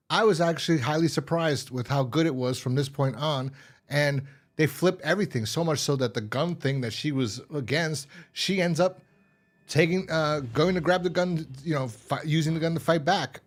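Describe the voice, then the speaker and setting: A man hosting a casual film review, rambling through a plot recap with many restarts and quick imitations of characters. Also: a little high. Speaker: host.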